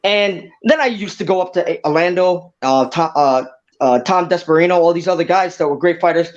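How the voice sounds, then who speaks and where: A man in casual talk, telling a story in an excitable, animated way and laughing as he goes, heard through a dull, lo-fi line. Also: sits high, normal speed. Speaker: fighter guest. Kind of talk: casual storytelling on a video call show.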